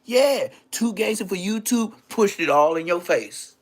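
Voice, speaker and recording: Man, livestream host, heated taunting rant, lively swooping pitch, fairly high voice. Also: unhurried. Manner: swings between low growls and high yelps. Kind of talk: ranting livestream monologue.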